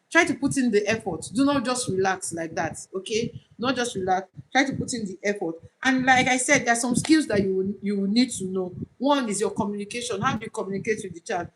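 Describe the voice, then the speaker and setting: A woman's voice: on the high side, fairly bright tone, poor audio. A woman with a Nigerian accent speaks on a live stream, coaching would-be online tutors. She talks earnestly, pressing her points and repeating them for emphasis. There is a faint hiss behind her voice. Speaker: online tutor trainer, livestream host. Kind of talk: casual livestream talk.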